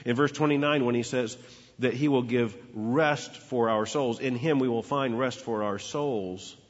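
A man's voice: mid-range voice, measured pace. A man preaching a sermon, telling a childhood story with emphatic repetition. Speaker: pastor. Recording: dull lo-fi with long hall reverb.

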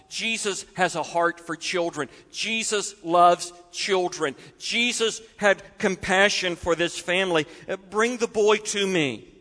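A man preaching a sermon, expressive and animated. He acts out voices and sometimes drops suddenly quiet. His voice is high-pitched and ringing bright, carried by the long reverb of a big hall.

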